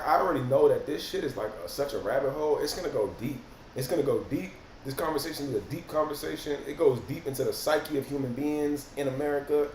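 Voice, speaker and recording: A man, hosting a casual livestream and reacting to viewer comments in animated, profane slang. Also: medium pitch. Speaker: rapper and livestream host. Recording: roomy echo, faint noise.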